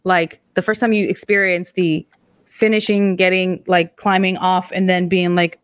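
A woman's voice: lowish voice, little pitch movement, normal speed, clean tone, no echo, studio quality. A woman co-hosting a podcast, talking in a frank, playful way. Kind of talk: casual podcast chat.

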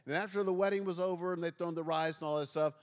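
Joking pastor in a reverberant church. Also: male voice, fairly high pitch, fairly even intonation, quick pace. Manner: joking, self-deprecating, quizzes the congregation. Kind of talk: humorous sermon. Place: church sanctuary before a congregation.

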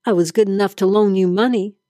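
A woman's voice: mid-range voice, fairly even intonation, brisk, mellow, no room sound, natural voice. A woman voicing a male loan shark who turns from charming to bullying in a dry, close reading. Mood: menacing. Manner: coaxing then threatening.

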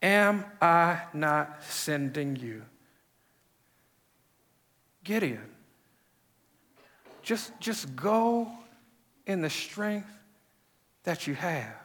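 A man's voice: on the high side, lively intonation, extremely slow, pauses often, fairly bright tone, in a large hall. A man preaching a sermon to a congregation, repeating phrases and rising to emphatic peaks. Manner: preaching with repetitions and emphatic rises. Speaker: pastor.

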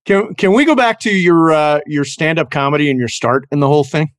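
A man's voice: a little high, a little fast, dry recording, clean studio sound. A man co-hosting a podcast, asking a guest questions with enthusiasm. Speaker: podcast co-host. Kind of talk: casual interview chat.

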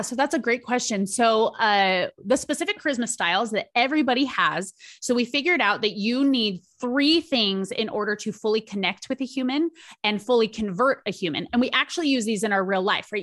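A woman's voice: a little high, fairly bright tone. A woman business coach explaining her ideas as a podcast guest, fluent and methodical, often checking in with "right?". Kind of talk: conversational explaining.

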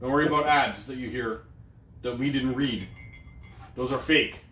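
A man's voice: medium pitch, normal speed, fairly bright tone, slight background noise. A man co-hosting a podcast in rambling casual banter, swearing often and restarting his sentences. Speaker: podcast co-host. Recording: roomy sound.

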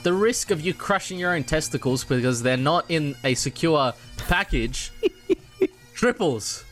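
A man's voice: on the high side, expressive, measured pace, a bit bright, soft background music. An Australian man co-hosting a podcast, talking in a casual, jokey way and laughing often. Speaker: podcast co-host. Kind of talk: casual chat.

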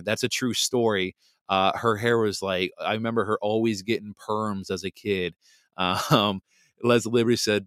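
A man hosting a podcast, chatting casually with his live chat and reading a passage aloud, animated and laughing often. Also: fairly low pitch, normal speed, smooth, no echo, clean studio sound. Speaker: podcast host. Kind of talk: casual livestream chat, reading comments and history text.

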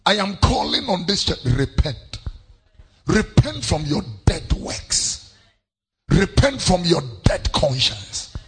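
A man with a Ghanaian accent preaching a sermon, repeating his phrases and breaking into sudden shouts. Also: sits high, sing-song, takes it slowly, breathy edge. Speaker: pastor.

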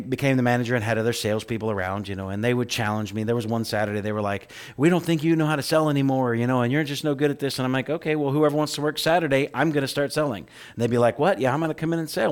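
A man preaching a sermon as pastor, talking with the congregation and swinging between loud emphatic lines and soft hushed ones. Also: medium pitch. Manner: conversational, asks the congregation "right?".

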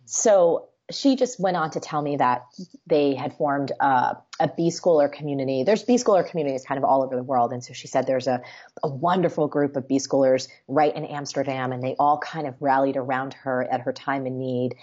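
A woman hosting a show and telling stories in an animated, chatty way, acting out quotes as she goes. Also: a bass voice, brisk. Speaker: show host and business coach. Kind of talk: conversational storytelling. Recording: slightly muffled lo-fi audio.

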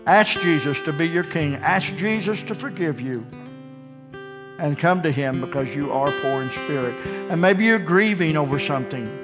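A man preaching a sermon in a church, telling folksy stories and joking with his congregation before calling them to the altar. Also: fairly high pitch. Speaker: pastor. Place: church sanctuary. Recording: live church sound with long reverb and faint guitar.

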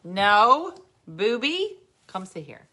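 A woman's voice: medium pitch, sing-song, extremely slow, bright, forceful tone. A woman with a New Jersey accent hosting a casual podcast chat, a little tipsy and cooing at her dogs. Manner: chatty, talks sing-song to her dogs. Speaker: podcast host.

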